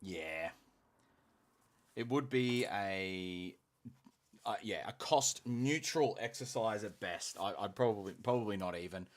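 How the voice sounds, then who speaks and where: A man's voice: on the low side, animated, a little slow. An Australian man hosting a hobby painting live stream, chatty and rambling as he thinks aloud. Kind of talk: casual live-stream chat.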